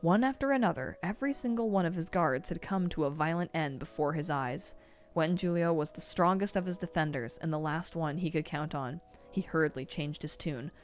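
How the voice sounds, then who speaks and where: Woman reading a novel aloud, low voice. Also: a little fast. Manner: expressive reading, breaks into laughter. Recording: faint music behind.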